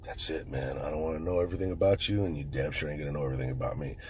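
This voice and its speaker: A man's voice: extremely low pitch, rapid-fire, a little mellow, slight background noise. A middle-aged man who is the channel host, talking bluntly in a casual monologue, swearing constantly as he tells stories.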